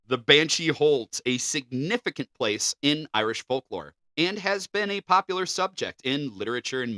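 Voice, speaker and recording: Bright-voiced man co-hosting a podcast. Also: mid-range voice, dry recording. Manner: joking, loose, swears casually. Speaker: podcast co-host. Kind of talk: reading notes mixed with casual banter.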